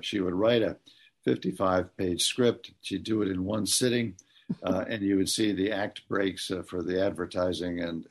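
A low-voiced man with a gravelly, husky edge tells stories as an interview guest. He talks earnestly and haltingly, stopping often as he goes. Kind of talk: conversational storytelling.

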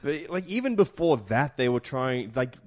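A man's voice: mid-range voice, sing-song, moderate pace. A man co-hosting a casual podcast chat, rambling, joking, swearing casually and laughing often. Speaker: podcast co-host.

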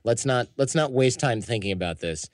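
A man's voice: mid-range voice, lively intonation, moderate pace, no echo, studio quality. An American man, a podcast founder, giving candid, opinionated interview answers and acting out quotes. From United States.

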